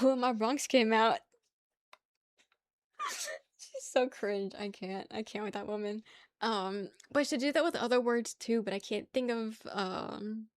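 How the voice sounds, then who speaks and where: A woman's voice: mid-range voice, clean tone, no room sound, studio quality. A young woman from the New area, chatting casually on a stream, rambling, laughing often and reading chat aloud. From New York area.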